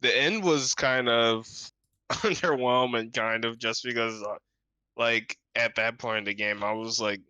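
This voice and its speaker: A man co-hosting a casual gaming podcast, easygoing and quick to laugh. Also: medium pitch, steady tone, pushed and bright, smooth, no echo, muffled recording. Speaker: podcast co-host.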